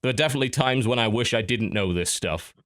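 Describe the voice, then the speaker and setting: A man's voice: medium pitch, fast talker, fairly bright tone. A man hosting a podcast in casual chat, telling stories with lots of restarts. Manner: chatty storyteller, many restarts. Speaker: podcast host.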